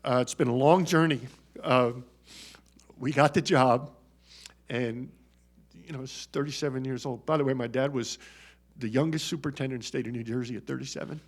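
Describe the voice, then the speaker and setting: A man's voice: mid-range voice, brisk, pauses often. Emotional older man giving a folksy farewell speech. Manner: folksy, joking, choked up at times. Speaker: retiring athletics director.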